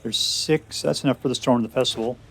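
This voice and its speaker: A man's voice: mid-range voice, quick pace, vocal fry, fairly bright tone, slight background noise. Man casually narrating his own gameplay. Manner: talks to himself, counting cards aloud, sarcastic. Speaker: game commentator.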